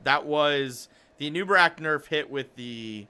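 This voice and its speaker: Man, podcast host, bright tone, slightly high, rambling, casual chat. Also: a little slow, smooth. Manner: rambling, self-interrupting, chatty.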